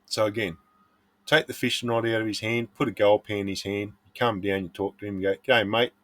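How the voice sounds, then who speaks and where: A man's voice: on the low side, little pitch movement, fairly quick, a bit bright. A middle-aged Australian man, a prospecting vlogger, giving earnest, blunt advice in a casual monologue.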